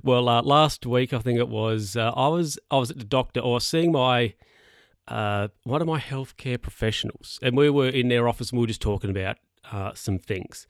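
A man hosts his own podcast and tells a rambling story in a casual, chatty way. His voice sits at an ordinary middle pitch. It comes through a close mic in a dead, dry room with no echo. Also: normal speed. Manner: rambling, chatty, self-correcting with laughs. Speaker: podcast host.

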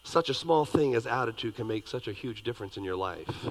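A man preaching a sermon, reading scripture dramatically and talking plainly to the congregation, with big swings between loud and soft. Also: mid-range voice, expressive, a little fast, long reverb tail, poor audio. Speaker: pastor.

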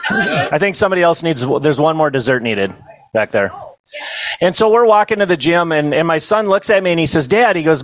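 A man's voice: fairly high pitch, animated, brisk, poor audio. Joking middle-aged male storyteller. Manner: folksy, self-amused, joking asides to the crowd. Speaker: banquet storyteller and comedian. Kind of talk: humorous storytelling to a live audience.

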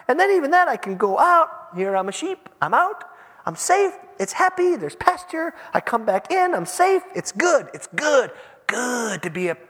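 A man's voice: very high-pitched, a bit bright, pitched above the performer's own voice, full character voice. A man voicing a contented, cheerful sheep in a sing-song, childlike way, repeating simple phrases. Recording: long church-hall reverb.

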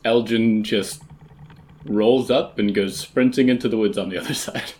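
A man's voice: fairly low pitch, moderate pace. A man playing a tabletop game, explaining the rules casually. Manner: lively, breaks into laughs.

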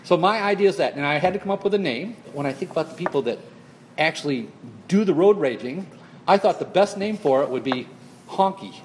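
A man's voice: a little high, fairly quick, slight background noise. A man casually telling a funny story to a group, acting out the lines he says. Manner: animated, acts out exclamations. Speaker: person pitching an idea to a group.

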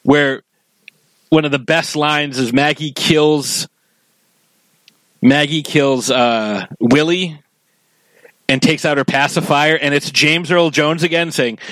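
A man's voice: a little high, fairly even intonation, measured pace, fairly bright tone, dry recording, low-quality recording. A man co-hosting a podcast, chatting casually about favorite cartoon episodes and quoting scenes in put-on voices. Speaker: podcast co-host.

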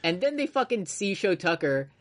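A mid-pitched voice retells a story on a casual podcast. The delivery is loose and animated, with swearing and laughter mixed in. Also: normal speed. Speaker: podcast co-host. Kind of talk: casual chat recapping an anime.

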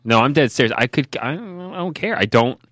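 A man's voice: mid-range voice, animated, a little fast, fairly bright tone, no room sound, clean studio sound. A man in his thirties co-hosting a podcast, chatting casually with sarcastic, emphatic remarks. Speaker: podcast co-host. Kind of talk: casual chat.

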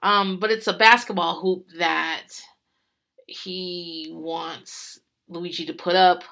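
A woman's voice: on the low side, steady tone, slow pace, gravelly, sharp tone. A woman hosting a podcast, recapping a reality show in rambling casual chat, swearing freely and laughing often.

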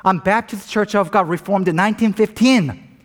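A man's voice: sits high, normal speed, long reverb tail, pitched above the performer's own voice, close to an everyday voice. Man doing a despairing guy on a bridge, terse answers, slightly raised voice.

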